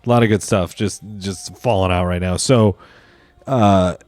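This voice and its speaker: A man riffs alone on a comedy podcast, improvising a wild movie plot and swearing freely as he goes. His voice sits a bit low. The sound is dry and close, with faint music behind him. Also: fairly even intonation, measured pace, darkish tone, dry recording. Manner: rambling, profane, improvising a plot aloud. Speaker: podcast host. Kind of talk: casual comedic riffing.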